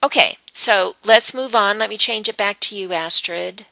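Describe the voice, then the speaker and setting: Woman webinar presenter, very gravelly, sharp tone, dry sound, halting ums. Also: medium pitch, dry recording, rough recording. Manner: rambling explanations with many ums and uhs. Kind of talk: informal teaching talk to an online group.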